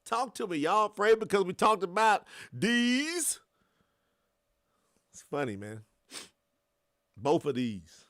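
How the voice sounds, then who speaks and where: A man in his thirties from the US South with a Southern accent, hosting a livestream and chatting with his viewers in an animated way. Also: high voice, slow, pauses often. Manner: animated, laughing, talks to the chat. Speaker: life coach, livestream host. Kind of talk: casual livestream chat.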